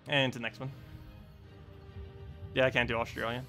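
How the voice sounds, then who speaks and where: A man streaming a video game, chatting quickly and casually about his moves with a self-mocking tone. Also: medium pitch, level tone, vocal fry, bright, forceful tone. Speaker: gaming streamer. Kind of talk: casual gameplay commentary. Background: faint game music.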